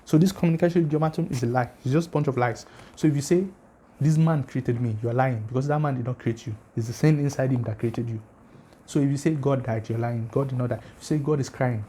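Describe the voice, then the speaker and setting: Here the religious-channel host sounds husky and mellow at a medium pitch. Speaking to viewers directly, he lectures in a relaxed way yet argues emphatically, poses rhetorical questions, and asks people to leave comments.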